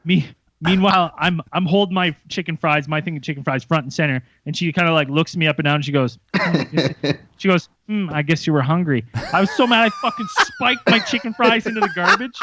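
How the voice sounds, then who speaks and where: A young man co-hosting a podcast, telling a story in a lively, profane way and acting out the voices of others. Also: fairly high pitch, brisk. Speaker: podcast co-host. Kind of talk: casual storytelling chat. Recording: muffled lo-fi sound.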